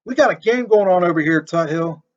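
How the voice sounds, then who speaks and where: A man voicing a rowdy, hotheaded suburban dad who yells at the football game and at his neighbor. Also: high-pitched, lively intonation, a little fast, pitched above the performer's own voice. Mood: angry. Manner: yelling, hotheaded. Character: excitable suburban dad, rowdy sports fan. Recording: muffled lo-fi recording.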